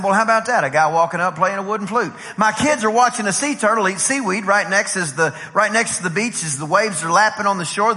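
A man from Texas, preaching at a conference and telling a story with lots of acted-out dialogue. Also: high-pitched. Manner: lively, repeats "I said" while acting out dialogue. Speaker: pastor. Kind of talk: animated conference sermon storytelling. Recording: long hall reverb.

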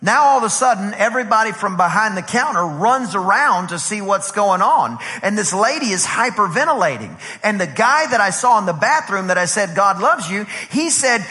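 A male pastor preaching at a conference, telling a lively story and acting out the dialogue. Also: high-pitched, moderate pace, hardly any pauses. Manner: animated, acts out dialogue with voices and laughs. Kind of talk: storytelling sermon. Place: large conference hall. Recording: long hall reverb.

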